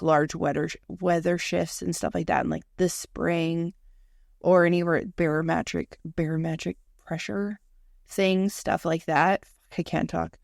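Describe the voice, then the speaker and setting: Chatty young woman with a gravelly low voice. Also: no room sound, clean studio sound. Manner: chatty storyteller, swearing, laughing, acting out quotes. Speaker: podcast co-host. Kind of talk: casual chat.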